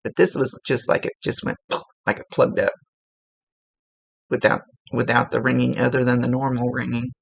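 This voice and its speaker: A woman psychic medium giving a casual, gently instructive reading, relaying messages with chatty asides. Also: a bass voice, completely flat delivery, normal speed, vocal fry, pauses often, husky. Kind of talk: casual spoken reading to a client.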